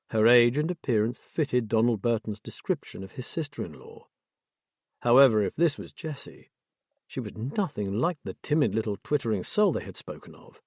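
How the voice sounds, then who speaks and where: A man narrating an audiobook thriller in a measured, expressive way, close to the mic. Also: fairly low pitch, slightly rough, no room sound.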